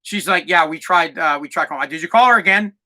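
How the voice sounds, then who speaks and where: A man's voice: on the high side, fast. Man ranting through a comic story. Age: adult parent of a twelve-year-old. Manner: animated, acts out voices, swears, gets loud when ranting. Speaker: podcast host. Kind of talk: comedic storytelling rant.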